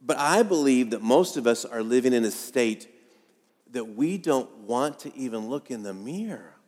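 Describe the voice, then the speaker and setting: A pastor in his fifties preaching to his congregation in a relaxed, folksy manner, slipping into jokes about himself. His middle-pitched voice carries a long reverb from the sanctuary. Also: normal speed. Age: 50s. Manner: conversational, folksy storytelling with self-deprecating humor. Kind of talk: sermon. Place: church sanctuary.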